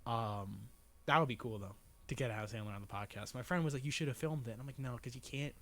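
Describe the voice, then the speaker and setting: A young man spills a story at high speed, his speech packed with "like" fillers and casual curses. His pitch sits in an ordinary middle range. The whole thing is relaxed podcast chatter. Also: fast talker. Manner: rambling, lots of "like", swears freely. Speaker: podcast guest.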